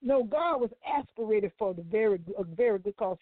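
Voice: medium pitch, lively intonation, a little fast, dry recording. Preachy co-host on a tinny phone line. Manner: rambling, emphatic, repeats words, informal dialect grammar. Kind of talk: preaching-style commentary.

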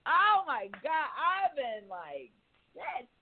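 Woman caller, higher voice, frank, profane, laughing, tinny phone line. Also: wildly swooping pitch, slow pace. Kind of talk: casual call-in chat.

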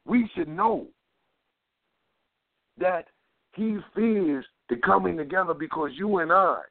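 Over a tinny phone-line connection with no echo, a high-pitched man speaks slowly in impassioned talk-radio commentary. His cadence is fervent and preacher-like, with plenty of repetition.

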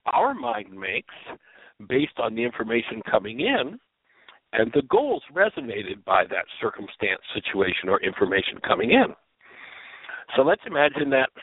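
Gravelly man teaching over a phone line. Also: mid-range voice, dry recording. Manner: lively, acts out other people's voices in quotes. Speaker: radio show host and healing teacher. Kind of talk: teaching talk on a call-in radio show.

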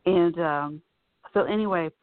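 A woman's voice: on the low side, unhurried, dry recording. A woman vlogger telling a personal story in a casual, chatty way, full of "you know" asides. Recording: dry, tinny phone-like sound.

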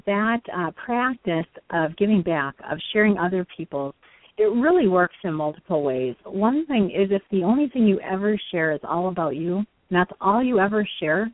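A woman's voice: medium pitch, lively intonation, moderate pace, no room sound. A woman hosts a speaker-training talk, explaining her points eagerly and laughing often. Her voice comes through a tinny phone line with a dry, close sound. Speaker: host. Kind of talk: conversational teaching on a call-in show.

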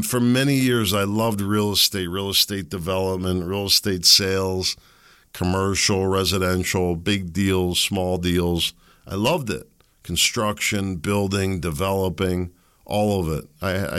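A man's voice: low voice, steady tone, measured pace, fairly bright tone, clear, resonant tone. A man hosting a solo commentary show, rambling and opinionated, with sardonic asides. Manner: rambling, opinionated, sardonic, with mocking put-on quotes. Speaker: podcast host.

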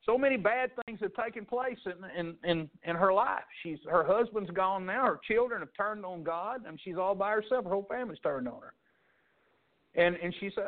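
High-voiced Southern preacher, tinny sound. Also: male voice, expressive, moderate pace. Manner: fervent preaching with frequent stammered restarts. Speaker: pastor. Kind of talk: sermon. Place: church sanctuary.

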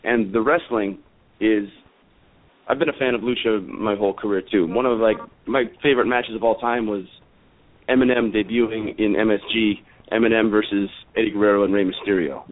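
A man's voice: fairly low pitch, fairly even intonation, brisk. A man in his thirties, a guest wrestler on a radio show, talking casually and rambling with many fillers and restarts. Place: after party. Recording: phone-like radio audio.

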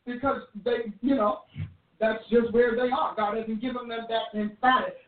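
A woman's voice: on the high side, steady tone, moderate pace. A woman preacher teaching a sermon in an emphatic manner, with frequent restarts. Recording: roomy, distant, phone-like audio.

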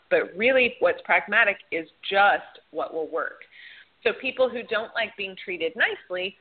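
Chatty woman on a tinny line. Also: medium pitch. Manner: chatty storyteller who swears freely. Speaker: podcast co-host. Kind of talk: casual chat. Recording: tinny phone-like sound.

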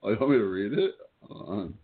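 A man from Indiana co-hosting a podcast, talking in casual chat with dry, profane, deadpan quips. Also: fairly low pitch, fast. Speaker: podcast co-host. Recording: tinny phone-like audio.

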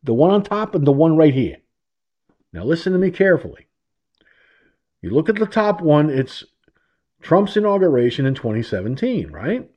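A man's voice: a little high, sing-song, moderate pace, pauses often, a little mellow, muffled recording. A man hosting an internet radio show, delivering a sarcastic, rambling political monologue and repeating himself.

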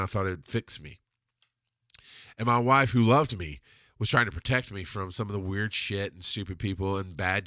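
A man telling a personal story in a blunt, profane, confessional monologue, dropping to a murmur and then bursting out loudly. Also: dry recording. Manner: blunt and profane, swings from low murmur to loud outbursts. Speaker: podcast host answering a listener question.

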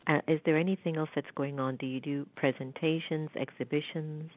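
A woman's voice: sits low, fairly even intonation, fairly quick. A woman hosting an interview, chatting casually and prompting her guest with questions. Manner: conversational, prompting with questions and fillers. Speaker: host. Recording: tinny phone line.

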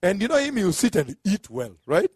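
A man's voice: high-pitched, big pitch swings, moderate pace, a little mellow, slightly rough, no room sound, studio quality. A man preaching a sermon, counting off points emphatically and laughing at his own humor.

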